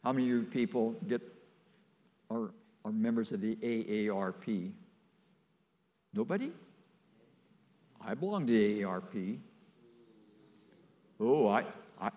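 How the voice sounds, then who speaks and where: A man's voice: lowish voice, animated, measured pace, pauses often, warm tone. An older man preaching a sermon, folksy and emphatic, with playful asides to the congregation.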